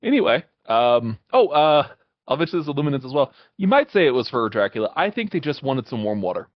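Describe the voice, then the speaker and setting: A man's voice: mid-range voice, very animated, a little fast, no room sound. Offhand man, dull dry sound. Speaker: co-host of lore meeting. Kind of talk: casual chat.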